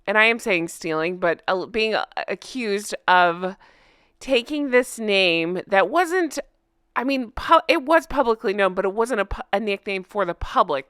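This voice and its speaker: A woman hosting a casual commentary chat, chatty and animated, often laughing. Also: medium pitch, moderate pace, smooth, no room sound, studio quality. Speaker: host.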